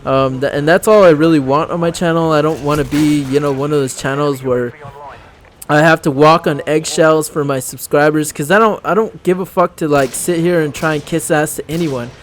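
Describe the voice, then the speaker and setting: Blunt, rambling young man, slightly high. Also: steady tone, normal speed, a little hiss or hum. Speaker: gameplay commentator. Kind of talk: casual gameplay commentary.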